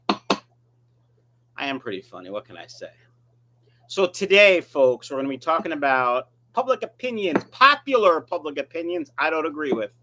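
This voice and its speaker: A man's voice: high-pitched, bright, forceful tone. A man hosting a casual live stream as a fish breeder, reading viewer comments aloud and answering them in a joking, rambling, self-mocking way.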